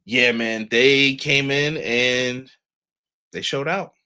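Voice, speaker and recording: A man in casual podcast talk, slangy and loose, tossing in "man" and "bro" as he recaps matches. His voice sits in an ordinary middle pitch, with quick bursts of laughter between points. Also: fairly even intonation, sharp tone, clear, resonant tone. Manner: loose and slangy, filler-heavy, laughs often. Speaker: wrestling podcast co-host. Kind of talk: casual show review chat.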